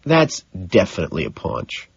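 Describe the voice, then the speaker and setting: A man's voice: sits low, huge pitch swings, normal speed, gravelly, husky, dry recording, highs cut off, full character voice. A man doing a vain, sneering young banker. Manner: cold, sneering, rising to anger. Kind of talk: audiobook character reading.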